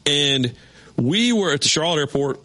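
A middle-aged man hosting a sports radio show, telling a story in a chatty, animated way. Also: fairly high pitch, moderate pace. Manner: animated, acts out voices in his stories. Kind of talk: casual storytelling.

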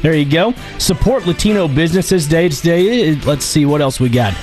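Radio guy reading off today's national days, kinda high voice, offhand, music in back. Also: lively intonation, normal speed, a little mellow. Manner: reading offhand with asides and fillers. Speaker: radio co-host.

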